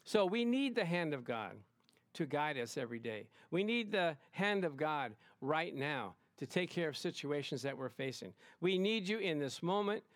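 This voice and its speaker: A male pastor preaching a lively sermon to his congregation, emphatic and excitable, often calling out "Amen?". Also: a little high, moderate pace, dry recording, studio quality. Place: church service in front of a congregation.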